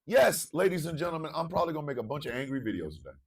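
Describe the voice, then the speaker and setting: Man, radio host, preachy monologue, gravelly, sits back from the mic. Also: a little high, very animated, rapid-fire, recorded from a distance. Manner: preachy, repeats phrases, swings from murmur to shouting. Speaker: morning show host. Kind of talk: impassioned monologue.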